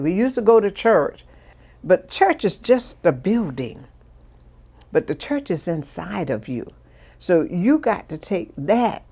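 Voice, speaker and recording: A woman, from Florida, telling personal stories in a folksy, gently preaching way. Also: deep voice. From Florida, USA. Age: 70s. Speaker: storyteller guest. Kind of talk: casual personal storytelling.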